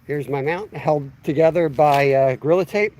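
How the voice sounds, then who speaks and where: A man's voice: on the high side, moderate pace, darkish tone, slight background noise. A man in his fifties chatting casually on a fishing live stream outdoors by the water, rambling and poking fun at himself. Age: 50s. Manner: rambling, chatty, self-mocking. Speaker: fishing livestream host. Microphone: camera on a tripod.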